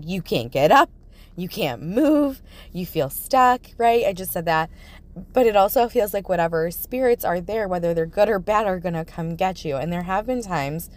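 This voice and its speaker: A woman talking casually and directly to her listeners, chatty, full of "like" and "okay?" check-ins. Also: fairly low pitch.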